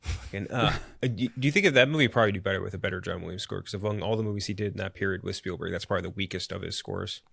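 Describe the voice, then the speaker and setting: Fast, gravelly man rambling. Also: low-pitched, fairly bright tone, no echo, clean studio sound. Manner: rambling, profane, halting. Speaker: podcast co-host. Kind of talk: casual movie chat.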